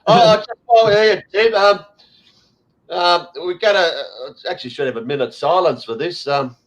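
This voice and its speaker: A man's voice: high-pitched, moderate pace, low-quality recording. An Australian man hosting a casual chat, ranting bluntly with lots of swearing and fillers. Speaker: host.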